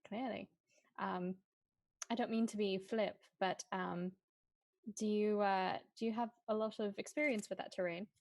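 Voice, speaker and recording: A woman's voice: mid-range voice, steady tone, unhurried, gravelly, darkish tone, no room sound, clean studio sound. A woman playing her character in a tabletop game, hesitant and polite, with many ums. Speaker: player. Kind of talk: in-character tabletop role-play.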